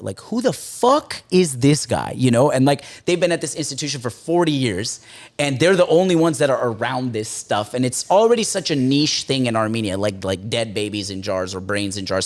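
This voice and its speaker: A man in his thirties, a podcast guest, telling a story in casual slang with lots of swearing and bits of Armenian mixed in. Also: medium pitch. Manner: swears freely, slangy, mixes in Armenian phrases. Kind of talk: animated storytelling with quoted voices.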